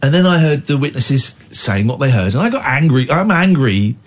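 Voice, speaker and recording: A man hosting a radio show talks through a rough night with raw, animated feeling. His voice is husky and swings widely in pitch as he piles up restarts and repeats himself. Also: moderate pace. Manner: emotional, animated retelling with restarts. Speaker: radio host. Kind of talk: candid storytelling chat.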